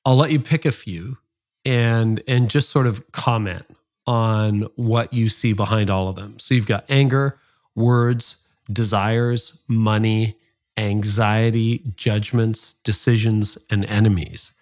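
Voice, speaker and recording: Animated male podcast host. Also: on the low side, slow. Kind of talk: conversational interview.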